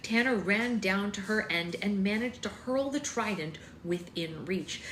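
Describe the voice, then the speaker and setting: A woman hosting a live book club, reading a novel aloud steadily with chatty asides. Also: medium pitch. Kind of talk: live-stream read-aloud. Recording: echoey room with faint noise.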